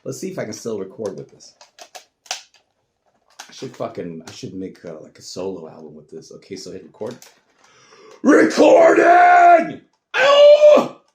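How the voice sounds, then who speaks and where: A man's voice: low-pitched, lively intonation, a little fast, long pauses, a little mellow. A man, rambling casually and swearing offhandedly while he tests old recording gear at home. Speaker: vlogger. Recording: noisy home recording with clicks.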